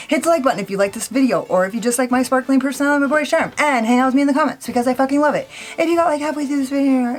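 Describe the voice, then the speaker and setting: A woman's voice: high-pitched, expressive. A woman makeup vlogger ranting casually, blunt, opinionated and full of swearing. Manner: speeds up for a quick sign-off. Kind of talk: casual vlog rant.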